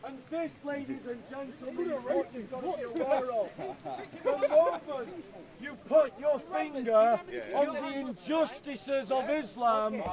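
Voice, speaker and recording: High-voiced man preaching to an outdoor crowd. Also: unhurried. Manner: declaiming to a crowd, repeating lines over hecklers. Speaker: street preacher. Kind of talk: open-air debate speech. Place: outdoors in a city park, crowd around. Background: crowd chatter.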